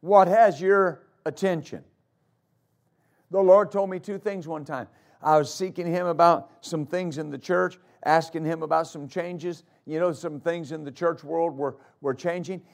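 Male pastor, sermon, high pitched voice, emphatic, repeats lines for stress. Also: steady tone, moderate pace, vocal fry. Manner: emphatic, repeats phrases for stress, rises and drops loudness.

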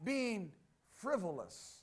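A pastor preaching a sermon with exuberance, swinging between loud declarations and quiet asides and laughing between points. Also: male voice, high voice, very animated, takes it slowly, slightly rough.

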